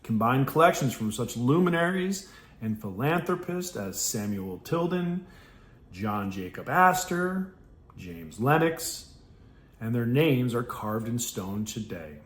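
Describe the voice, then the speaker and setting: A man from New York hosts a reflective podcast in a blunt, salty way, laughing often and reading passages aloud between his own remarks. His pitch swings widely as he talks. The room around him rings with echo. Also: big pitch swings, slow pace. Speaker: podcast host. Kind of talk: reflective casual monologue with read passages. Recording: roomy echo.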